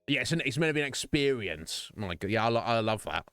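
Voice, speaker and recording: A man's voice: mid-range voice, sing-song, fast talker, a bit bright, no room sound, soft background music. A man chatting casually on his live stream, rambling and restarting his sentences and swearing offhandedly. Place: home streaming setup.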